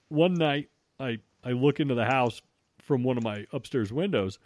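A man's voice: medium pitch, dry recording. A man casually telling a story, swearing freely and restarting his sentences as he goes. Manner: swears freely, frequent restarts, animated retelling.

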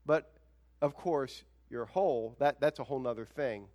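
A male pastor preaching a sermon in an animated, conversational way, with emphatic rhetorical questions. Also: mid-range voice, moderate pace.

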